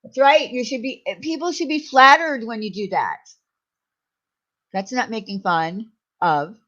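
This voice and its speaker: A woman's voice: on the high side, unhurried, fairly bright tone. Woman co-host on dull lo-fi audio. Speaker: livestream co-host. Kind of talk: casual livestream chat.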